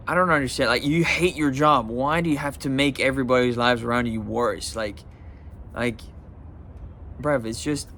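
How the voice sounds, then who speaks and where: A man's voice: mid-range voice, bright, forceful tone, slight background noise. A man telling a story in a casual, exasperated rant, swearing and using lots of fillers. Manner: profane, exasperated, many fillers. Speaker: vlogger.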